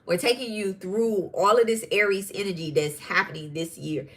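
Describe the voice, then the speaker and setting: A woman hosting a spiritual podcast who tells stories in a casual, animated way, swearing freely. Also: medium pitch, normal speed. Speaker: podcast host and tarot reader. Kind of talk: casual storytelling monologue.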